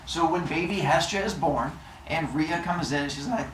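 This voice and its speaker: A man tells old myths to a live audience, playful and jokey, tossing questions out to the room. His pitch rises and falls with lively swings. The recording is echoey, from a mic some way off, with faint hiss. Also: normal speed, distant mic. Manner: playful, jokey, quizzes listeners. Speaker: storyteller.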